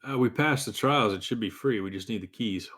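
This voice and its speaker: A man's voice: lowish voice, brisk, fairly bright tone. A man playing a tabletop role-playing game, talking casually and pushily, often repeating himself as he haggles. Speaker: player.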